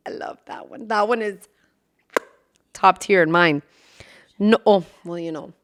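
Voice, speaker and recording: A woman's voice: on the high side, animated, a little slow, pauses often. A woman hosting a casual podcast, brash and profane, laughing often and dropping into whispered asides. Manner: brash and profane, laughing, switching into Spanish phrases; drops into loud whispers for asides. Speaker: podcast host. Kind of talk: casual solo podcast chat.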